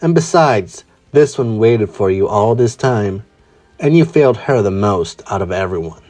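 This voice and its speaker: A man voicing a shrill, unhinged male villain leader in a fan-made story, with a high-pitched, screeching delivery. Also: lively intonation, a little slow, darkish tone. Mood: mocking.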